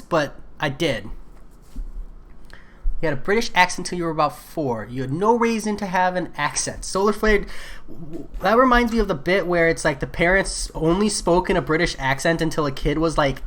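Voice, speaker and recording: A man's voice: high voice, fairly bright tone. A man chatting casually while live-streaming a game, answering viewer messages in a laid-back way.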